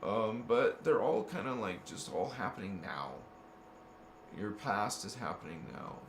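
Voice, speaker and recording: A man's voice: lowish voice, lively intonation, measured pace, gravelly. Rambling man in an echoey room. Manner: meandering, with frequent restarts and stammered repeats. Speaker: spiritual vlogger. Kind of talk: rambling casual monologue to camera. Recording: echoey room with faint background noise.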